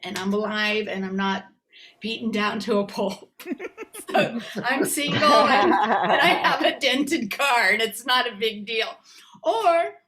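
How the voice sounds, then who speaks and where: A woman's voice: on the high side, expressive, measured pace, crowd noise. A woman doing a rambling, self-deprecating stand-up set over a video call from her apartment, full of fillers and restarts. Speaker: comedian.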